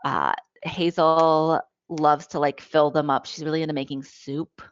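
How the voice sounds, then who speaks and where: A woman presenting on children's play in a lively, demonstrative way, often checking in with her listeners. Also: low-pitched, unhurried, clean tone, dry recording. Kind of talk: webinar talk with toy demonstrations. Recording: dull, lo-fi, dry audio.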